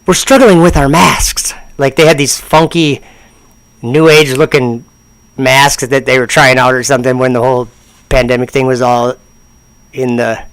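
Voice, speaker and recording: A man's voice: mid-range voice, fairly even intonation, moderate pace, a bit bright, clean tone, dry recording. A man casually commenting on a livestream, rambling and sarcastic. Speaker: streamer reacting to videos.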